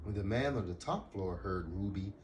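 A man reading a picture book aloud for children in an expressive, animated way. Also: deep voice, moderate pace, a little hiss or hum. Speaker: storyteller for an after-school program.

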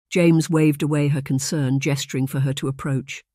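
An audiobook narrator reading a romance novel in a measured, even storytelling voice. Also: medium pitch, no room sound, studio quality.

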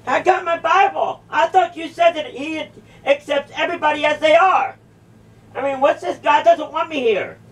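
In a church, a woman with a high-sitting voice speaks at normal speed during a heated confrontation. She sounds incredulous, repeating her questions over and over, and her voice is distant from the mic.

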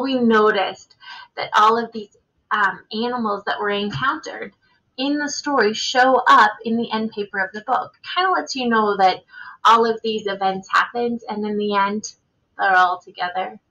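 A woman teacher giving a reading lesson for children, reading a picture book aloud with expression and pausing to ask questions. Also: mid-range voice, vocal fry, pushed and bright, highs cut off.

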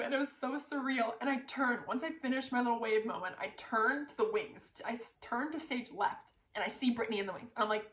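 A woman excitedly retelling her pageant win to camera, talking in a breathless rush full of "like" fillers. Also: on the high side, fairly quick, hardly any pauses. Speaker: pageant titleholder. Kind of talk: casual storytelling to camera. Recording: roomy echo.

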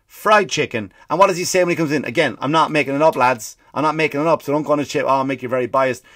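A man hosting a comedy podcast, ranting quickly and emphatically with lots of swearing and repeated phrases. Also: fairly high pitch, a bit bright, no room sound. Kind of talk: comedic rant.

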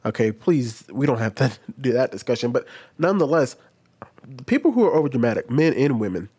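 A man's voice: mid-range voice, sing-song, a little fast, dark tone, slightly rough. A man hosting a casual reaction video, talking loosely and rambling with restarts, close to his microphone. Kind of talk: casual commentary. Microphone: desk microphone close up.

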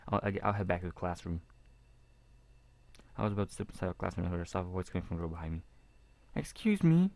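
A man reading a visual novel aloud in a casual, halting way with jokey asides. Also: deep voice, level tone. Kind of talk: casual game reading with commentary.

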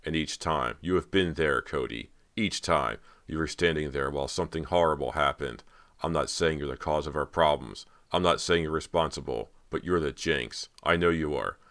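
A man's voice: rumbling low, moderate pace, fairly bright tone. A man reading an audiobook, voicing a stern young man who runs a film shoot, firm and solemn.

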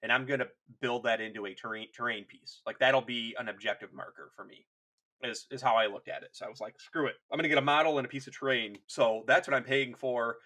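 A man's voice: medium pitch, fast talker, bright, forceful tone. A man co-hosting a podcast in casual chat, rambling along with jokes and restarts. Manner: rambling, hesitant restarts, jokey. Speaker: podcast co-host.

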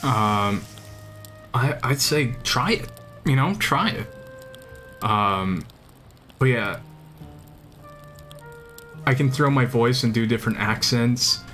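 A man's voice: medium pitch, lively intonation, slow, pauses often, fairly bright tone, soft background music. A young man chatting casually while streaming a game, rambling and enthusiastic, often restarting his sentences. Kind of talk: casual chat while gaming.

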